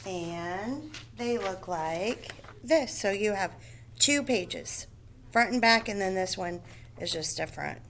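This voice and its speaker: A woman teaching a phonics lesson to first graders, slowly and patiently explaining each step and checking in with the children. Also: medium pitch, animated, a bit bright, slight background noise.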